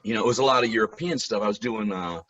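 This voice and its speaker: A hoarse man, a musician and voice actor, telling lively stories on a video call, often laughing and clearing his throat. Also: lowish voice, very fast, muffled recording. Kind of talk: casual storytelling chat.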